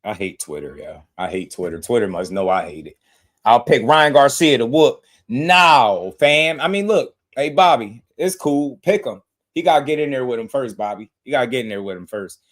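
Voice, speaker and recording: Excitable guy, hyping up a boxing fight live, loud then mumbly, laughing a lot. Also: mid-range voice, normal speed. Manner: animated, laughing, swings from shouting to muttering. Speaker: boxing podcast host. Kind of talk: excited livestream boxing talk.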